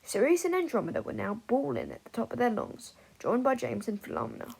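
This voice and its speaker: Woman audiobook narrator, expressive, husky, fairly high voice. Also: a little fast, rough recording. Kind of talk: fan fiction audiobook narration.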